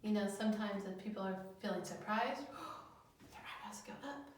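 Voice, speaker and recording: A woman school counselor teaching young children in a video lesson, speaking gently, asking them questions and pausing for their answers. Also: mid-range voice. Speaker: elementary school guidance counselor. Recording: very echoey room, voice from a distance, faint noise.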